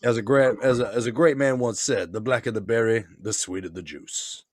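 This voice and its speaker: A man's voice: mid-range voice, fairly quick, a little mellow. A man co-hosting a casual, boozy podcast chat, crude and laughing, who slips into goofy voices when he quotes people. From Nebraska, US. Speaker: podcast co-host. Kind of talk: casual drunk banter.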